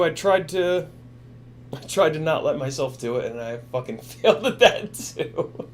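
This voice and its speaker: A man hosting a casual livestream, talking in a halting, emotional way with many restarts. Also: mid-range voice, expressive, slight background noise. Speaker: livestream host.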